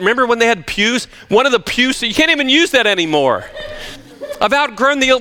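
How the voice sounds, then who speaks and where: A man's voice: high-pitched, sing-song, moderate pace, sharp tone. A male pastor preaching a sermon in a church. He speaks emphatically and with animation, and he often restarts his sentences. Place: church sanctuary.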